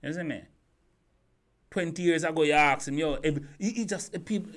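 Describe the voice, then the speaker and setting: A man's voice: on the high side, normal speed, a bit bright. A man giving an opinion monologue as a YouTube commentator, firing rhetorical questions, repeating himself and stumbling over restarts.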